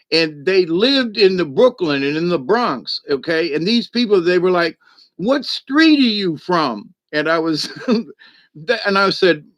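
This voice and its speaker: With a high-leaning, fairly bright voice and no room sound, a man from South Georgia hosts a stream and spins loose stories for his chat, sprinkling in "you know" and "but anyway."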